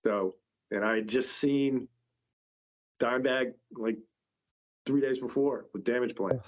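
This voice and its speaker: Unhurried and mid-range, the voice belongs to a company founder guesting on a podcast. He tells casual stories in a meandering, stop-start way with many restarts, over dull lo-fi audio.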